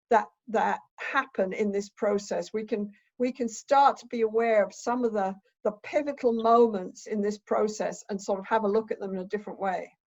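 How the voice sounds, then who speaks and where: A woman's voice: a little high, a little mellow, dull audio. An older woman, a relationship expert, explaining ideas thoughtfully in conversation with examples.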